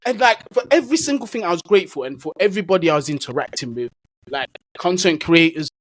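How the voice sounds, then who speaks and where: A man's voice: fairly high pitch, expressive, quick pace, a bit bright, no echo, poor audio. A man, a football content creator, telling stories in a casual, slang-heavy way as a guest in an interview. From England. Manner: easygoing, slang-heavy storyteller.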